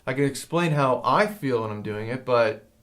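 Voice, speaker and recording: A man teaching a drum lesson in a casual, rambling way, hesitating and filling pauses as he explains. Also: mid-range voice, animated, a bit bright. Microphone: handheld field recorder.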